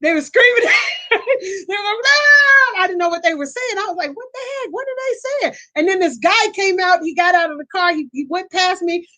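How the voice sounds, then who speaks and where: High-voiced chatty woman telling stories. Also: brisk. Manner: animated storytelling, laughs often, acts out quotes; chatty, repeats and restarts phrases. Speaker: host. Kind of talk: casual chat.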